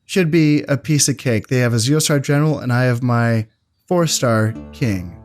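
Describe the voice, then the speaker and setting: A man casually commentating his strategy game, thinking aloud in a relaxed, musing way with fillers. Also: medium pitch, moderate pace, faint music behind. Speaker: gameplay commentator. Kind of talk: casual let's-play commentary.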